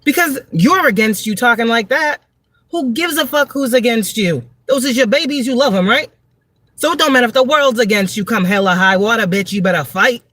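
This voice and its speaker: A woman's voice: a little high, a little fast, a bit bright, no room sound. A woman giving a tarot reading in a livestream monologue, blunt, profane and preachy, repeating words for emphasis. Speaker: tarot reader and spiritual advisor.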